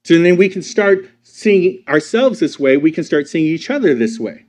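A pastor delivers a sermon in a voice that sits a little high for a man. He preaches emphatically and keeps asking the congregation rhetorical questions. He moves between loud, stressed lines and slow, quiet ones. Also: sing-song.

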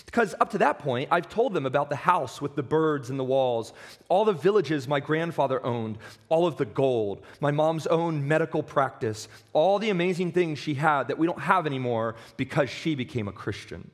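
A man's voice: a little high, lively intonation. Man preaching in a reverberant hall. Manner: earnest, slow and emphatic with stumbling restarts. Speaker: pastor. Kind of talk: sermon.

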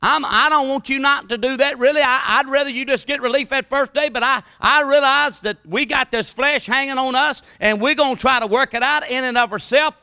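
A man preaching a sermon, dropping to a hushed murmur and then rising to loud, impassioned appeals. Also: extremely high pitch, brisk, hardly any pauses, clean tone, dry recording, clean studio sound.

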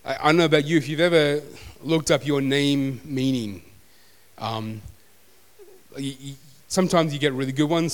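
A man preaching a sermon as pastor, conversational and self-deprecating. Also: medium pitch. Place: church hall. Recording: long hall reverb.

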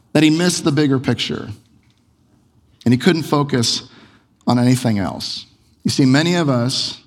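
A man's voice: medium pitch, big-room sound. A man preaching a sermon in a conversational way, firing off a chain of rhetorical questions. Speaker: pastor.

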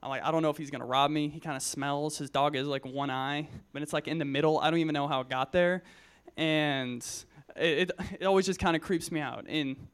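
A man's voice: fairly high pitch, fairly even intonation, brisk, few pauses, clear, resonant tone. Young man giving a joking casual sermon. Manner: conversational, joking, many fillers and restarts. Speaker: Christian speaker at a youth gathering. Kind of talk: casual sermon with personal stories.

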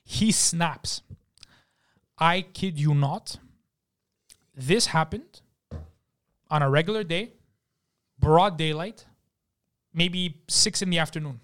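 Young guy with a high voice, swearing a lot, acting out every quote. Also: slow, pauses often. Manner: animated, profane, acts out quotes. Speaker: podcast guest. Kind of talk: casual storytelling. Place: studio.

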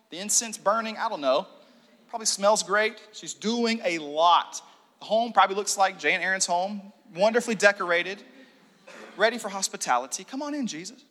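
Animated high-voiced male preacher. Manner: animated with joking asides, soft and hushed in prayer. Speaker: pastor. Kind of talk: sermon. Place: church meeting room. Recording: long reverb of a hall.

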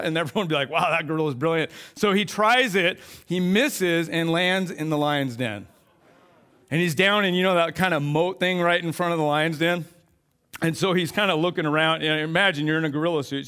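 A young adult man, a pastor, telling a comic story in an animated sermon. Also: on the high side.

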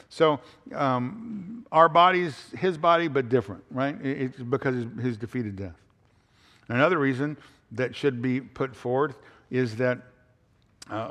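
A man's voice: medium pitch, a bit bright. A pastor preaching an expository sermon in a conversational way, often using fillers and restarting his sentences. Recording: hall reverb.

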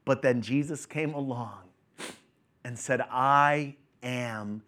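A male preacher delivering a dramatic sermon, dropping to hushed whispers and rising to shouted climaxes. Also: medium pitch, takes it slowly.

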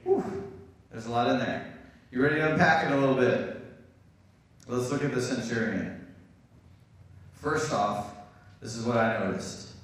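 A man's voice: medium pitch, measured pace, long pauses, a bit bright, distant mic. A man preaching a casual, chatty sermon as pastor, speaking to his congregation with friendly asides. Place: church hall. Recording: very echoey church room, voice from off-mic.

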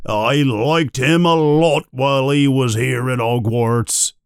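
A man voicing a big, gruff, kindly male gamekeeper in a storybook reading, hesitant and hemming. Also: medium pitch, takes it slowly, no room sound, clean studio sound. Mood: evasive. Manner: hesitant, with filler sounds.

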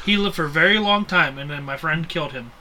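A man's voice: on the high side, fast talker, bright, forceful tone. A man co-hosting a film podcast in casual chat, telling jokey stories and laughing often. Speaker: podcast co-host.

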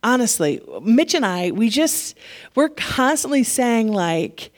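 A woman pastor preaching a sermon, animated and laughing often, getting emotional at times. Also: on the high side, slow pace.

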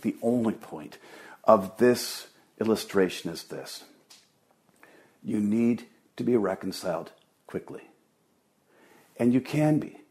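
A man's voice: mid-range voice, warm tone. A middle-aged man preaching a sermon as pastor, earnest and emphatic, often repeating words for stress.

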